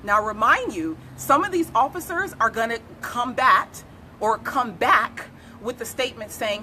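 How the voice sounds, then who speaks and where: A woman's voice: fairly high pitch, expressive, moderate pace, sharp tone, a little hiss or hum. A woman attorney giving emphatic live advice, repeating key phrases as she explains. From United States. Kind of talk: live legal advice talk.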